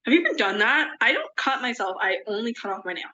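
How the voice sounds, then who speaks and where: Brief: young woman, bright tense voice, rambling and self-deprecating, dull muffled audio. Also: on the high side, sing-song, quick pace, a little hiss or hum. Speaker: podcast co-host. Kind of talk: casual chat.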